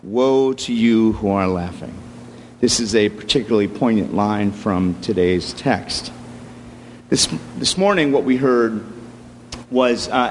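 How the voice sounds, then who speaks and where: Pastor guy chatting through his sermon, easygoing, church reverb and a low hum. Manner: conversational, storytelling with joking asides.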